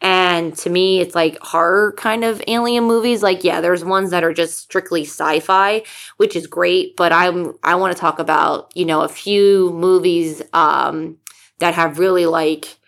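A woman in her thirties hosts a solo podcast with a slightly low voice. She chats on casually and excitably, with lots of fillers and easy swearing. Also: unhurried, vocal fry. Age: 30s. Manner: excitable, chatty, swears freely, many fillers. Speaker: podcast host.

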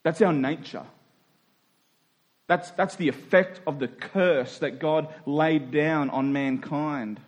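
A male pastor preaching a sermon, emphatic, slowing down to stress key words. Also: on the high side, muffled recording.

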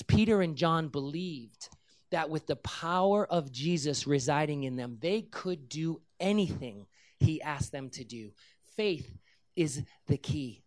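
An animated preacher delivers a sermon at an ordinary, mid-range pitch. The story comes alive as the preacher slips into the characters' voices, then settles into an earnest, direct stretch of teaching about faith. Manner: animated storyteller who acts out the characters' lines.

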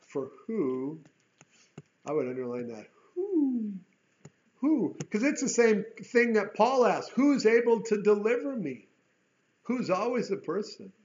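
A man's voice: high-pitched, a little mellow, muffled recording, slight background noise. A man preaching a sermon, earnest, repeating words and rising into emphatic bursts. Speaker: pastor.

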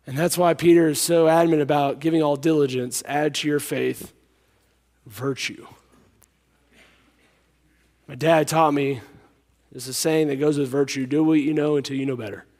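A man delivers a sermon in a high, ringing voice. He presses his points by repeating them and drops low for his stories. Long reverb from a big hall trails every phrase. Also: steady tone, moderate pace, long pauses. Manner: emphatic, repeats key lines, drops to a hush for stories. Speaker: preacher.

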